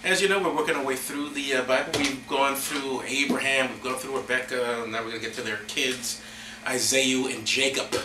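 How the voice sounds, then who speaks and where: A man hosting a comedy show, reading scripture in a hammy, mock-solemn way with deadpan asides. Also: medium pitch, fairly quick, reverberant, background noise. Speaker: host.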